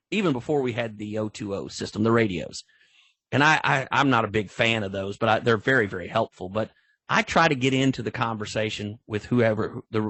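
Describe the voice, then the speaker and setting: An older man, speaking as a football official in a training talk. His husky voice rambles in a folksy way, with lots of restarts. The sound is close and dry. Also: on the low side, a bit bright, dry recording. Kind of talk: storytelling in an online training talk.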